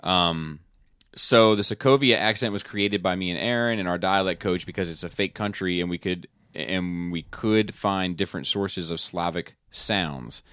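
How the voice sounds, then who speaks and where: A man talks casually with a somewhat low voice, rambling along with lots of fillers and restarts. The recording is close and dry, with no room sound. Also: normal speed, a bit bright, smooth, no echo. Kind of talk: casual chat.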